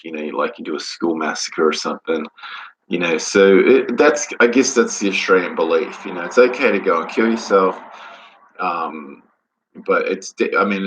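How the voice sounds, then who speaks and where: Low-voiced rambling man vlogging. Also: pushed and bright, rough recording. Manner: rambling, jumps between ideas, frequent "you know" and restarts. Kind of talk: rambling solo monologue. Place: lives in Australia.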